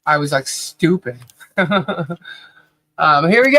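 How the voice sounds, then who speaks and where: A woman's voice: low voice, expressive, takes it slowly, fairly bright tone, poor audio. A woman co-hosting a podcast livestream, chatting casually and laughing often as she tells stories and calls out names from the chat. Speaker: podcast co-host.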